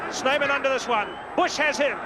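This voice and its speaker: A man giving brisk live rugby play-by-play commentary, lifting his voice on big plays, from a worn old videotape broadcast. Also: very high voice. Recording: worn old VHS broadcast with crowd noise.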